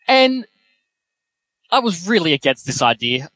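A young man preaching a sermon, telling self-deprecating personal stories in a lively way. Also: high-pitched, measured pace, no echo.

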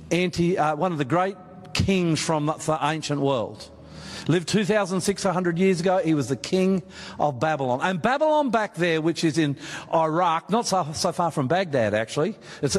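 A man's voice: on the high side, animated, moderate pace. Emphatic Australian man preaching in a hall. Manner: emphatic, conversational, addresses audience directly. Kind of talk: sermon on Bible prophecy. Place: meeting hall with audience.

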